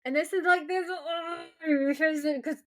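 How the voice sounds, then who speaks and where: Animated woman recapping a TV episode. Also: extremely high pitch, unhurried. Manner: animated, swears freely, acts out quoted lines. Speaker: podcast co-host. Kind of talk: casual chat recapping a TV episode.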